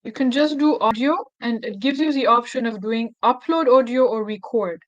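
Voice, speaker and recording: A woman's voice: on the high side, moderate pace, dull audio. Woman with an Ethiopian accent, thinking aloud. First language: Amharic. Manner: thinking aloud, self-deprecating, easily flustered. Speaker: activist tutorial host. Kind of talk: casual screen-recorded tutorial.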